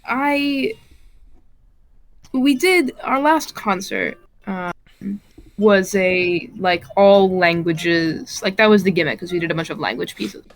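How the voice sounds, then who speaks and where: A woman chatting casually as a stream co-commentator, speaking haltingly with many fillers and easy laughter. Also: mid-range voice, poor audio. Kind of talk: casual chat.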